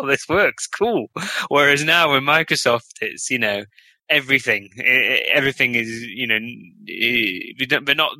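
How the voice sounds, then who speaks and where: A man's voice: medium pitch, bright, forceful tone, no echo. A man talking as a podcast guest in a casual, enthusiastic way, with lots of restarts and rambling. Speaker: guest developer.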